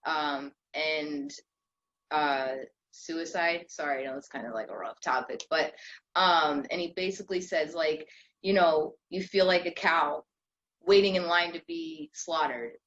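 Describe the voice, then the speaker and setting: A woman's voice: low-pitched, a little slow, fairly bright tone. A young adult woman co-hosting a podcast in casual chat, rambling with lots of fillers and restarts. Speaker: podcast co-host. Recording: slightly dull lo-fi audio with faint noise.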